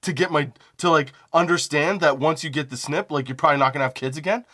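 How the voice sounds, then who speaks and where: A man's voice: fairly high pitch, normal speed. A young man hosting a comedy podcast, telling a rambling, profane personal story and often laughing at himself. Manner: animated quoting of phone calls. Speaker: podcast host.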